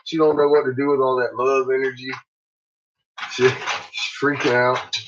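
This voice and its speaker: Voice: medium pitch, level tone, normal speed, noisy background. A home cook vlogging casually in a kitchen, laughing often, swearing freely and cooing at the pets while cooking. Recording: dull lo-fi audio with loud dogs and clicks.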